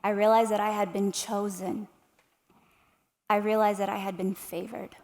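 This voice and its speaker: Long hall reverb fills this recording of a woman in her thirties giving a motivational keynote at an arts center's large hall. Her voice is medium-pitched, flat and darkish with vocal fry, at normal speed, as she animatedly tells stories and poses tag questions directly to listeners.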